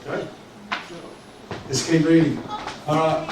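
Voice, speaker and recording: Joking pastor in an echoey church. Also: male voice, fairly high pitch, measured pace, pauses often. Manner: animated, joking, conversational preaching. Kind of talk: sermon. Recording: echoey church hall from a distance with background noise.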